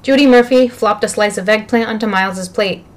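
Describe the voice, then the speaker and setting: A woman narrating a children's novel aloud with lively, expressive storytelling. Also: mid-range voice, fairly quick. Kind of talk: audiobook reading of a children's novel.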